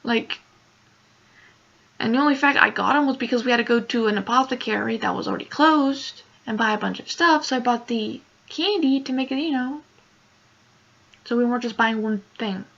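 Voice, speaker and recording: A woman's voice: a little high, moderate pace, creaky, a bit bright, muffled recording. A young woman telling a story in a casual vlog, emotional and close to tears, rambling with many fillers. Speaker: vlogger.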